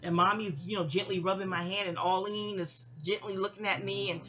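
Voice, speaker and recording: A woman's voice: medium pitch, steady tone, a little fast. A young woman casually telling a personal story, chatty and digressive, often trailing off into asides. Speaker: audio diarist.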